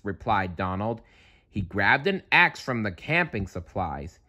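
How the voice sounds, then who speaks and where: A man reading a children's bedtime story aloud in a calm, measured way. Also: on the low side. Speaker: storybook reader.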